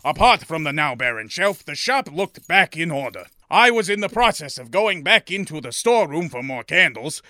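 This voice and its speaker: A man's voice: a little high, sing-song, moderate pace, few pauses, pushed and bright, no room sound, clean studio sound. A man narrating a comedic story as a shopkeeper, in a prim, overly formal, mock-pompous way.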